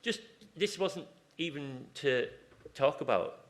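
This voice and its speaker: A man's voice: fairly high pitch, lively intonation, slow, fairly bright tone. A man giving an informal conference talk, chatty and rambling, breaking off into asides and restarting his sentences. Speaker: conference speaker. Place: conference room.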